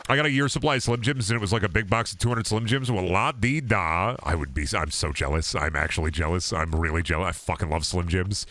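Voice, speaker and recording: A young man streaming a game, rambling in a self-mocking way and swinging into loud mock outrage. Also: low voice, quick pace, few pauses, no room sound. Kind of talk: casual gaming stream chatter.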